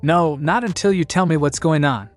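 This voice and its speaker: A man's voice: a little high, normal speed, faint music behind, voice pushed up, close to an everyday voice. A man voicing a stubborn teenage ninja boy in a fan story reading, firm and slightly raised.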